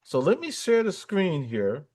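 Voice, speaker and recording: Man, livestream host, casual chat, rambling, upbeat, high lively voice. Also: a little slow, slightly rough.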